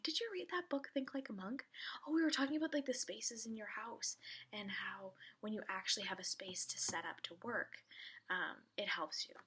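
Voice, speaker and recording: A woman's voice: medium pitch, bright, forceful tone, husky. A woman giving a chatty, direct pep talk as a business coach. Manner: chatty, direct, encouraging, lots of "like". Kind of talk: casual motivational talk to camera.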